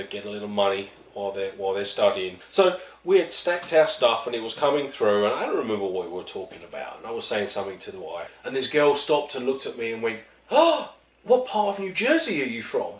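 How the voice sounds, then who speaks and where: A man's voice: lowish voice, reverberant, recorded from a distance, poor audio. A man with a London accent casually telling a meandering, wry anecdote, often correcting himself as he goes. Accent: London English. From London, England. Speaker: vlogger.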